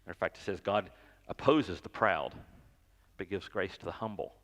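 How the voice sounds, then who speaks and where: A man's voice: low-pitched, normal speed, in a large hall. A pastor giving a sermon in a conversational, joking way, often repeating words as he goes. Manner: conversational, self-deprecating, stammers and repeats words. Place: church sanctuary.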